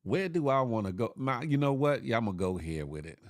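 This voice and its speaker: A man's voice: mid-range voice, sing-song, fairly quick, no echo, clean studio sound. A male morning show host chatting casually on a livestream, joking in slang and greeting viewers by name.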